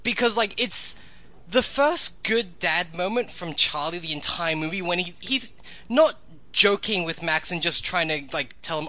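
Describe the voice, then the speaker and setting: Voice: mid-range voice, lively intonation, moderate pace, pushed and bright. A podcast co-host giving thoughtful opinions on a movie in a casual chat.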